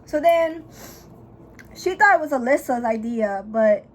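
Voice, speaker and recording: A young woman with a slightly high voice recaps a story while doing her makeup. She is gossipy and heavy on the swearing, and she tells it with dramatic flair and bursts of loud laughter. A faint hiss sits under her voice. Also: lively intonation, a little slow, low-quality recording. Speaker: vlogger.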